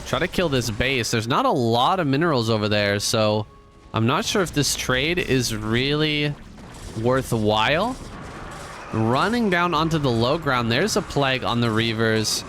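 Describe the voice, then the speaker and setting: A man giving relaxed, conversational play-by-play commentary on a strategy game match, with casual asides. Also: mid-range voice, a little slow, a little hiss or hum. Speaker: esports caster.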